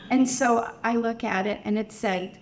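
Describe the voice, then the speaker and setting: An older woman, a guest actress, telling warm, chatty anecdotes at a convention Q&A. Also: steady tone, normal speed. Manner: warm, chatty anecdotes that rise high and laughing at punchlines. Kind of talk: convention Q&A storytelling.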